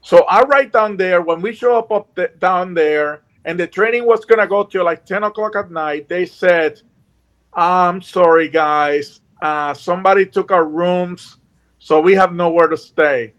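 A man telling a personal story in casual chat, animated and acting out what people said. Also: sits high, measured pace, dull audio. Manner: animated, acts out quotes.

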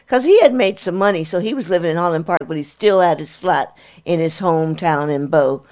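An older woman, hosting a music show and telling rambling anecdotes in an excitable, chatty way. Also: on the low side, a little fast. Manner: excitable and chatty, with many restarts and fillers.

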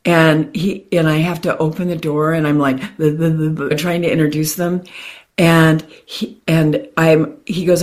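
A woman guest on an interview, telling a personal story in an animated way, with frequent restarts and acted-out quotes. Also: low-pitched, measured pace.

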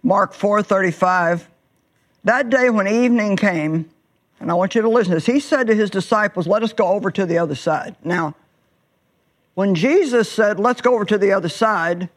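Earnest woman preaching a sermon. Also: medium pitch. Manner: earnest, drawing out words for emphasis.

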